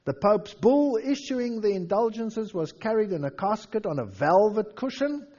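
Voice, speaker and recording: Animated high-voiced man lecturing on history. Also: highs cut off. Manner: storytelling, reads quotations aloud with dramatic flair.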